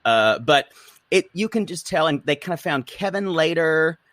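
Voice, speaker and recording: Lively, campy male podcast host. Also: on the high side, moderate pace, no echo. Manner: animated, campy and gossipy, repeats words when starting. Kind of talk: casual chat.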